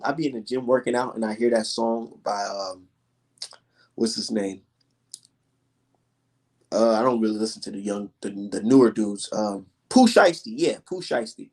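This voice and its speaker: A young man hosting a casual livestream, telling stories in an emphatic, profane, animated way. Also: fairly high pitch, moderate pace. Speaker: livestream host.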